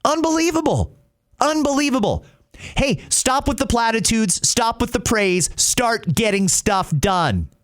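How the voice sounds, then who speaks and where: A man's voice: sits high, lively intonation, slow, hardly any pauses, fairly bright tone, clean tone. A man hosting an opinion show, ranting indignantly about politics. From Canada. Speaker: podcast host. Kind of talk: opinion commentary.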